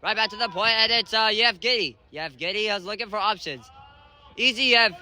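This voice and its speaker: A man calls live play-by-play at an amateur indoor soccer match, excitable and often shouting calls and exclamations. His voice is high and a little fast.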